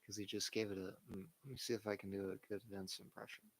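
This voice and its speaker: A man's voice: fairly low pitch, fairly even intonation, fast. A man hosting a livestream, giving blunt, opinionated casual chat about wrestling and sports and swearing freely. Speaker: livestream host.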